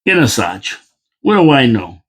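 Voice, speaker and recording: A man talks at his own loose pace, circling back and repeating points with folksy asides. He sounds a little worn out, as if he has been up since before dawn. His voice sits at an ordinary middle pitch. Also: big pitch swings, normal speed, slightly rough. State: tired, yawning. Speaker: local commentary host. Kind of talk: casual opinion monologue.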